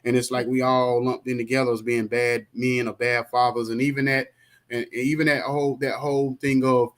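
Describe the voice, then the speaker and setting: A man's voice: mid-range voice, little pitch movement, a little fast. A man hosting a podcast, talking in a rambling, conversational way. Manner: rambling, conversational, full of fillers and restarts. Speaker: podcast host. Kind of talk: casual interview chat.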